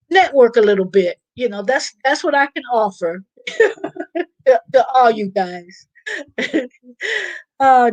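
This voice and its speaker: A woman's voice: a little high, darkish tone, dry recording, poor audio. A woman hosting a casual live stream, reading viewer comments aloud and chatting in a rambling way with frequent laughter. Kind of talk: casual live-chat talk.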